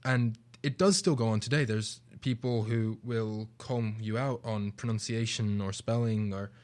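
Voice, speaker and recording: A man's voice: fairly low pitch, steady tone, a little slow. A young British man with a British accent, co-hosting a casual radio discussion, earnest and reflective. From Britain. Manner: reflective, earnest, speeds up when making a point. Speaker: radio show co-host.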